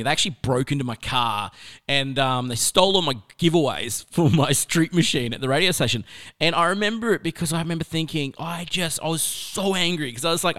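A man's voice: medium pitch, fairly bright tone, clean tone. A middle-aged man giving an earnest, conversational motivational talk to teenagers, mixing personal stories with scripture. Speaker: youth speaker.

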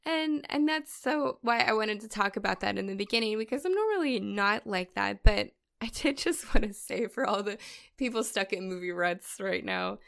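A woman's voice: mid-range voice, lively intonation, moderate pace, vocal fry, a bit bright. A woman co-hosting a podcast in casual chat, chatty and often laughing as she tells stories. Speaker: podcast co-host.

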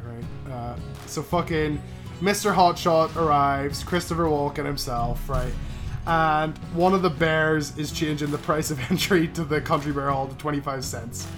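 A man's voice: on the high side, normal speed, over music. A man co-hosting a podcast, recapping a movie in casual, profane chat and tagging lines with "right?". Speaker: podcast co-host. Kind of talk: casual film-review chat.

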